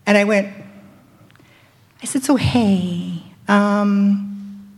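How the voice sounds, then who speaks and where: A woman's voice: mid-range voice, takes it slowly, long pauses. Middle-aged woman telling a story in a hall. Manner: animated, acts out quoted dialogue. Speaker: group discussion participant. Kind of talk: storytelling in a group. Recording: long hall reverb.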